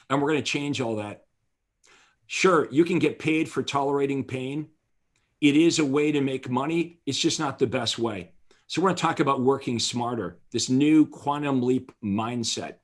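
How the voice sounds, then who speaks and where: A man hosting an online real estate conference, speaking in a motivational way and addressing his audience directly. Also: mid-range voice. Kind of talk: energetic seminar presentation.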